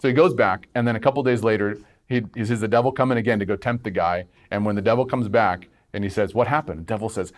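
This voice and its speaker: A man telling stories in a relaxed conversation, acting out quoted lines and laughing often. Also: fairly low pitch, fast, few pauses. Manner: animated storyteller, acts out quotes, laughs often. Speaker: guest minister. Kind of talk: casual conversation, storytelling.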